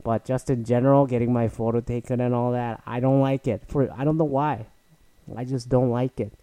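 A man's voice: medium pitch, steady tone, moderate pace, mellow, no room sound, rough recording. A young man hosting his own podcast, talking alone in a profane, rambling, sarcastic way. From immigrated to Canada. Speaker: podcast host. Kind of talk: casual solo podcast rant.

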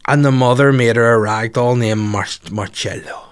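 A man's voice: medium pitch, moderate pace, hardly any pauses, clear, resonant tone. A man hosting a podcast, chatting casually and joking irreverently as he reads out listener stories. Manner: joking, irreverent, swears freely. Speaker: podcast host.

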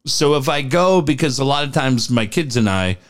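A man's voice: mid-range voice, lively intonation, normal speed. A middle-aged man co-hosting a casual podcast, telling funny stories with lots of laughing, swearing and acted-out voices. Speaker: podcast co-host. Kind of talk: casual chat, storytelling.

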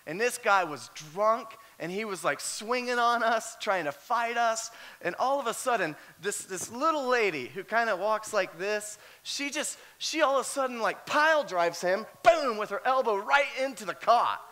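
A man delivering a sermon in a high, bright and forceful voice. He tells personal stories with animated energy and often repeats words as he pushes forward. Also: normal speed, few pauses. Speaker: pastor.

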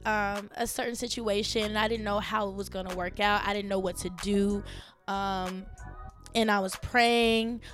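A woman in her thirties hosting her own podcast from home, chatting casually and animatedly, laughing and jumping up high when she quotes her own thoughts. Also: fairly bright tone. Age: 30s. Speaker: podcast host. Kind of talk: casual solo podcast chat.

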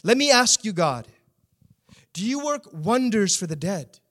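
Pastor voicing an anguished psalmist man, high strained pleas, near-shouting at heaven. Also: big pitch swings, measured pace, full character voice. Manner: pleading, accusing, rising to near shouts. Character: desperate anguished psalmist man crying out to God.

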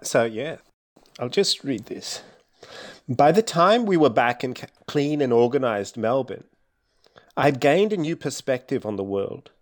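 A man's voice: medium pitch, animated, unhurried. A man from India, an author, talking in an interview and then reading steadily from his own memoir.

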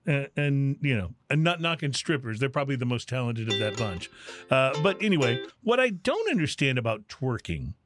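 A man's voice: mid-range voice, big pitch swings, moderate pace, music in the background. A man hosting a casual podcast chat, playful and a bit hammy when he announces segments. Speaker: podcast host. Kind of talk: casual chat while tasting whiskey.

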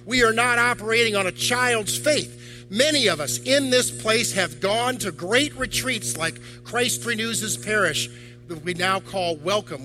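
A man's voice: high-pitched, bright, forceful tone, low-quality recording. An older man, a deacon, preaching a sermon to a congregation, firing off rhetorical questions. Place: church.

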